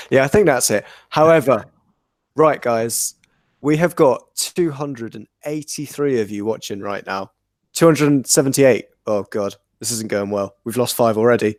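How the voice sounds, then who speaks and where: A man's voice: mid-range voice, unhurried, darkish tone, no echo. A male podcast host banters on a live stream in a dry, close recording. He teases his co-hosts and ribs the viewers with a jokey edge. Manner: teasing, jokey.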